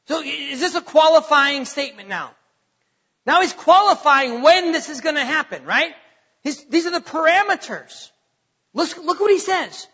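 High-voiced man preaching in echoey hall. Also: lively intonation, unhurried, pauses often, sharp tone. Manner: emphatic, repeats words, quotes scripture. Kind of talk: sermon. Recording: long hall reverb, dull lo-fi sound.

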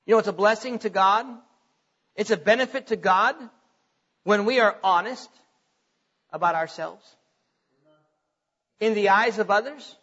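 Speaking a little slowly and pausing often, a pastor preaches in a high, bright male voice, conversational with his flock but forceful when retelling scripture. The lo-fi recording is muffled and echoes with the church hall's long reverb.

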